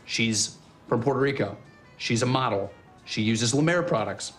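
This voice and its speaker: A man's voice: medium pitch, moderate pace, a bit bright, faint music behind, lightly acted. An actor playing a defensive young man who insists he knows his girlfriend, in a film comedy scene. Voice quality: indignant, defensive.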